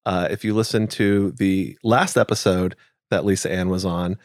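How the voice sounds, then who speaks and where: A man's voice: deep voice, steady tone, normal speed, no room sound, clean studio sound. A man hosting a podcast in an easygoing, affectionate casual chat. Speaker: podcast host.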